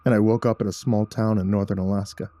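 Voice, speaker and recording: A man reads a horror story aloud in a low, mellow voice, keeping a measured and somber pace. The sound is close and dry, with no room around it. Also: flat delivery, no echo. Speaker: narrator. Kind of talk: scripted horror story narration.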